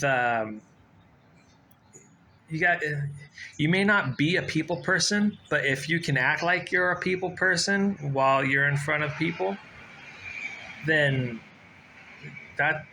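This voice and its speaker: Bright-voiced man in his forties giving rambling advice. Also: mid-range voice, creaky, slight background noise, low-quality recording. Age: 40s. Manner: rambling, repeats himself, frequent fillers and restarts. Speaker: vlogger giving job advice. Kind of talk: casual advice talk to camera.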